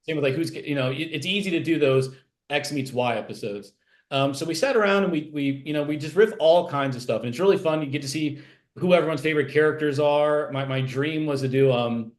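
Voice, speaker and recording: A man being interviewed about his writing work, talking in a rambling way, full of fillers and restarts. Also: medium pitch. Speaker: TV animation writer, interview guest. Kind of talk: casual interview chat.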